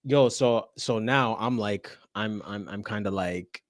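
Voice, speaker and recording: A man's voice: fairly low pitch, a little slow, no room sound, clean studio sound. A man, a teacher, telling a story in casual chat, laughing often and acting out the people in it.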